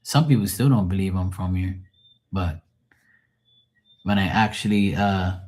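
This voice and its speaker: A man's voice: sits low, unhurried, a little mellow. A Bermudian man hosting a live stream as a tarot reader, chatting loosely and jokingly and swearing freely. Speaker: livestream host and tarot reader. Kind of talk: casual live-stream chat. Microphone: phone.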